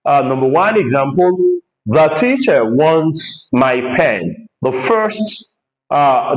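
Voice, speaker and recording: A man, a teacher explaining a lesson from a board, repeating points and pausing with frequent hesitations. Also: a little high, reverberant, rough recording. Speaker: English teacher.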